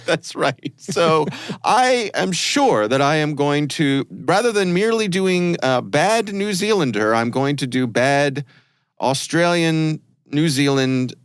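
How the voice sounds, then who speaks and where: A man's voice: fairly high pitch, lively intonation, takes it slowly, clean tone, no echo, clean studio sound. Laughing, self-deprecating man host. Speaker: podcast host. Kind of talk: casual chat.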